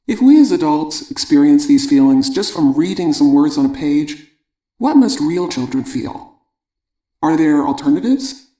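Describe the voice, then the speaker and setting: A man narrating a parenting audiobook in a measured, instructive reading voice. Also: fairly high pitch, dark tone, roomy sound.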